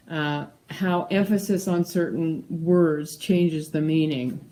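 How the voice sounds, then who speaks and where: A woman's voice: low voice, dark tone, a little hiss or hum, rough recording. A woman singer speaking a reflective tribute to a former teacher, with fillers. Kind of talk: spoken tribute.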